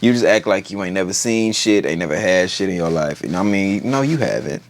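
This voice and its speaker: A man's voice: deep voice, a little fast, a little hiss or hum. A man giving a casual, joking show recap, full of slang and cursing. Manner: profane, slangy, joking, animated. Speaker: TV recap host.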